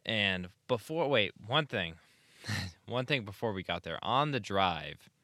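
A man's voice: lowish voice, animated, a little slow, bright, forceful tone, dry recording, clean studio sound. A man co-hosting a podcast, recounting a trip in a laid-back, casual storytelling way. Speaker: podcast co-host. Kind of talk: casual chat.

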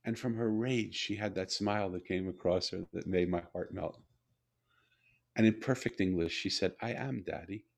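An older man, a guest author, telling a story in a conversation, animated and often repeating and restarting his words. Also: low-pitched, moderate pace, creaky.

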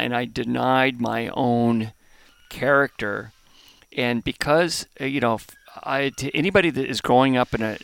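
A man's voice: medium pitch, gravelly, a bit bright, no echo. A middle-aged American man, a brewery founder, being interviewed on a podcast; he is thoughtful and often restarts his phrases while he searches for words. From United States. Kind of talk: reflective conversational interview. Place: home in Hawaii.

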